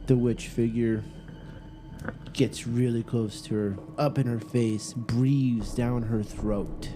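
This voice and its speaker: A slow, unhurried storyteller in casual talk with friends, with a teasing edge. The voice sits mid-range, and background music plays beneath it. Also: mid-range voice, steady tone. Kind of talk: casual scary-story telling.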